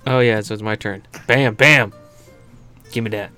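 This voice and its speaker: A man's voice: on the low side, fairly even intonation, moderate pace, sharp tone, smooth, faint music behind. A man hosting a casual gaming podcast, laid-back and chatty while playing a board game. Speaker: podcast host and editor.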